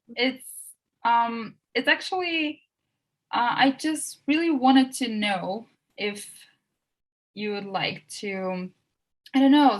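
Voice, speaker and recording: On a video call, a female interviewer speaks with a Brazilian Portuguese accent, as a native speaker of the language. Her pitch is on the high side, and her delivery is keen but stop-start, full of false starts.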